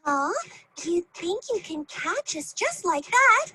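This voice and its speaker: A performer voicing tiny, quick prey dinosaurs that tease a hunter, for a cartoon. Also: big pitch swings, bright, forceful tone, slight background noise, exaggerated voice. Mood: teasing. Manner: squeaky and teasing. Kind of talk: cartoon voice acting. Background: music.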